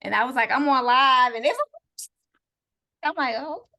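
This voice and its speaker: Woman cohost on a video call, kinda gravelly, bit high, tells stories and laughs a lot. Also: moderate pace, pushed and bright. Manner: storytelling, laughing, acts out quotes. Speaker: podcast co-host. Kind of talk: casual chat.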